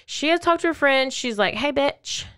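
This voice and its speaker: A woman hosting a podcast, casually telling a true-crime story in an animated way and acting out quotes in playful voices. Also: high-pitched, a little fast. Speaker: podcast host.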